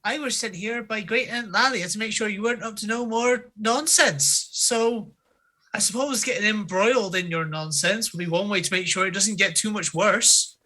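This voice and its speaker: A man's voice: sits high, normal speed, pushed and bright. A man playing a prim, bossy female hobbit cousin with a tart, scolding manner.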